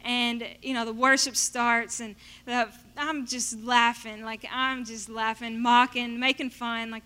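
A woman telling her personal faith testimony in an animated storytelling way. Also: fairly high pitch, measured pace, hardly any pauses, clear, resonant tone. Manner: animated storytelling, acting out her past self in quotes. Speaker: speaker sharing a testimony.

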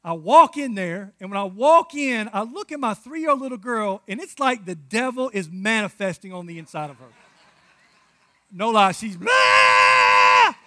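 A male pastor in his thirties preaching with lively storytelling, dropping to hushed asides and then rising to loud bursts. His voice sits high and bright. The sound is close and dry. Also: normal speed, no room sound. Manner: animated storytelling with big swings from hushed to loud. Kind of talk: sermon.

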